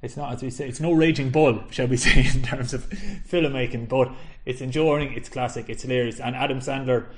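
A man's voice: mid-range voice, steady tone, a little fast. A man in his thirties co-hosting a podcast, talking enthusiastically and laughing often as he retells a comedy film. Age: 30s. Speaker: podcast co-host. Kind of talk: casual chat.

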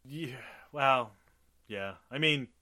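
A man's voice: mid-range voice, slow pace. A man co-hosting a casual movie podcast, swearing freely and telling stories with mimicked voices. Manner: profane, animated storytelling with mimicked voices. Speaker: podcast co-host. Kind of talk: casual movie commentary chat.

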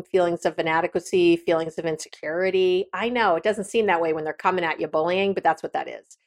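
A woman hosting an advice podcast, talking frankly and directly in a casual monologue with frequent restarts. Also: mid-range voice. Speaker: podcast host.

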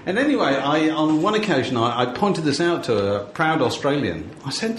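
Wry, chatty man with a lively voice. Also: a little high, normal speed, hardly any pauses, echoey room, noisy background. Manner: chatty storyteller, wry, laughs often. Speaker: podcast host. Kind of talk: casual chat.

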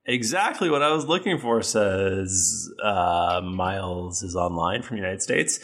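A man's voice: sits low, slow pace, fairly bright tone, husky. Jokey man reading fan reviews. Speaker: podcast co-host. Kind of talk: casual chat, reading listener reviews aloud.

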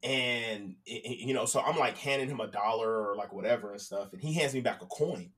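A man telling a casual story on a podcast, profane and animated, acting out both sides of conversations. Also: mid-range voice, brisk, far from the mic.

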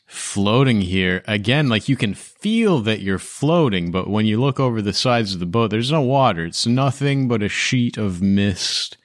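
A man narrating a tabletop role-playing game as game master, describing the scene slowly. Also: fairly low pitch, no echo, studio quality.

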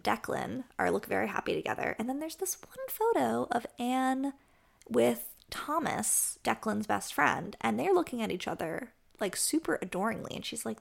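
A woman's voice: a little high, creaky, fairly bright tone. A woman co-hosting a podcast, chatting casually about romance books in a chatty, self-deprecating way. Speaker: podcast co-host. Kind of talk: casual book chat.

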